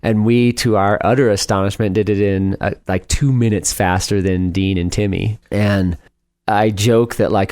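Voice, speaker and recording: A man's voice: on the low side, fairly even intonation, moderate pace, a little mellow, dry recording, studio quality. A middle-aged man as a podcast guest, telling stories in a chatty way, laughing often and acting out what others said. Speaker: guest, speed climber. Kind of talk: casual storytelling interview.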